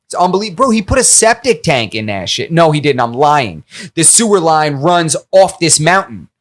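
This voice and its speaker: A man tells a rambling story in a relaxed podcast chat, slightly high-pitched, full of swearing and filler words. He gets animated and acts out the people he quotes. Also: normal speed. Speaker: podcast co-host.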